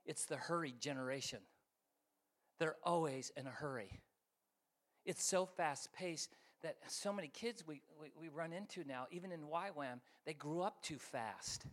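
A middle-aged man preaching as a guest speaker, his voice pitched high and bright. He tells stories with animated energy, acting out voices and swinging between loud bursts and quieter reflection. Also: measured pace. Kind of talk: sermon with storytelling.

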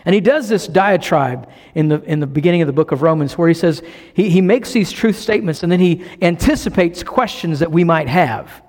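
A man from the American South with a Southern accent, preaching a sermon as pastor, earnest and teaching, slowing down to stress key phrases. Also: fairly high pitch, darkish tone, in a large hall.

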